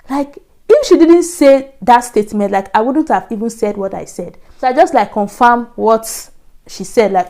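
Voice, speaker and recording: A Nigerian woman vlogger telling a personal story in a lively, animated way, acting out the voices she quotes. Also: fairly high pitch, moderate pace. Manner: animated, acts out quoted voices, frequent laughs. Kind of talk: casual storytelling.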